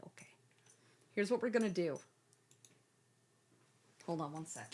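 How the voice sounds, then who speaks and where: A woman's voice: fairly low pitch, animated, unhurried, long pauses, darkish tone, a little hiss or hum. A young woman streamer chatting casually with her viewers and cooing baby-talk at her cat.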